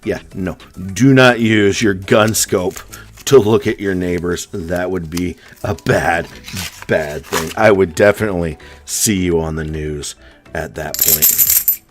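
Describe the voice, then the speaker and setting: A man's voice: low-pitched, takes it slowly, soft background music. A man from the US East Coast hosting a casual live stream, chatting and answering viewer comments one by one. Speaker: coin roll hunting live streamer.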